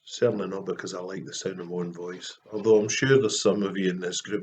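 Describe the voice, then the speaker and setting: A Scottish man talking earnestly and softly to camera in a casual, heartfelt vlog, pausing often. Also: sits low, flat delivery, slight background noise. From Scotland. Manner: soft-spoken and earnest, with frequent pauses and fillers. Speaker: Christian artist vlogger.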